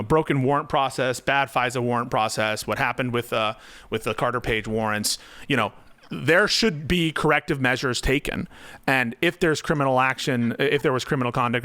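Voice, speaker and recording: A man's voice: medium pitch, a bit bright, dry recording. A young man in a heated political debate, stammering and cutting in with repeated "wait, wait" as he presses his points.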